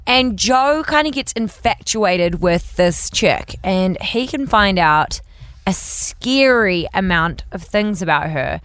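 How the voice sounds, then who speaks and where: A woman's voice: medium pitch, slow pace, clean tone, no room sound. A woman with a New Zealand accent, co-hosting a casual radio show and telling stories in a chatty way, acting out the people she quotes. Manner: chatty storyteller, animated quoting. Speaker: radio host.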